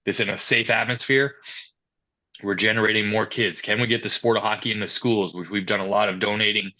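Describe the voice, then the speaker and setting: This man has a lowish voice and a brisk delivery. Interviewed as someone who coordinates youth and amateur hockey, he works through his answers with anecdotes, animatedly quoting and acting out what others said, all captured in dull lo-fi sound.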